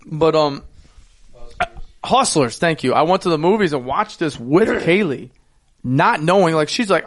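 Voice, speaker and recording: A young man trading crude jokes on a podcast, with a somewhat high voice. He is loud and excitable, his pitch leaps when he gets worked up, and he laughs often. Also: moderate pace. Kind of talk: crude casual banter.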